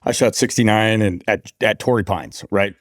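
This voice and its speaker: A man from California, a podcast guest, telling stories in an animated, slangy way. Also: lowish voice, normal speed, dry recording, clean studio sound. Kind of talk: casual storytelling interview.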